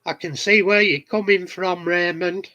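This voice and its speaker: A man's voice: high voice, steady tone, measured pace, bright, forceful tone, highs cut off. A middle-aged man with a Yorkshire accent, telling cheeky anecdotes in casual chat to his viewers from his shed. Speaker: hobbyist vlogger answering viewers. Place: home garden shed.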